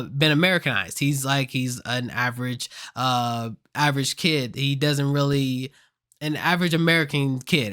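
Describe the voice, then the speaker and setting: Bright-voiced man gushing about a movie. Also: on the high side, clean tone. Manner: excited, slangy, rambling with restarts. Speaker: movie reviewer. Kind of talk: casual animated film review.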